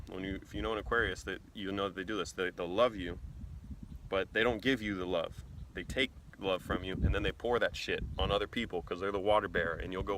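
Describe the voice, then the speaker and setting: A man explaining things casually in a blunt, animated and profane way. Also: fairly low pitch, noisy background. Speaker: vlogger.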